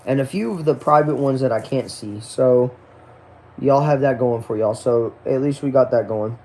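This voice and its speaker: A man's voice: mid-range voice, normal speed, darkish tone. A man from the United States hosting a casual live stream, tired and sleepy, chatting loosely and greeting viewers by name as he reads their comments.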